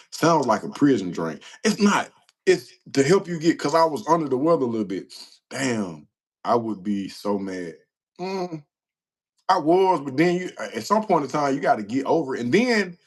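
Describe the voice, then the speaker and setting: A man's voice: mid-range voice, husky. A man hosting a casual livestream, telling stories with a self-mocking, slangy manner and laughing often. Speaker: livestream host. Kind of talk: casual livestream chat reading comments.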